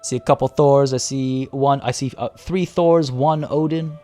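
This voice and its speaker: A man streaming a strategy game live, talking through his choices out loud and chatting with his viewers. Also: mid-range voice, steady tone, normal speed, faint music behind. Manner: chatty, reads chat aloud and thinks out loud.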